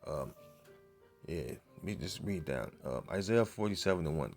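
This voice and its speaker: Man, very low voice, gravelly, casual bible teaching, halting, mutters while searching. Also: expressive, faint music behind. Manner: halting, many fillers, reads verses aloud louder. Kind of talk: informal scripture teaching.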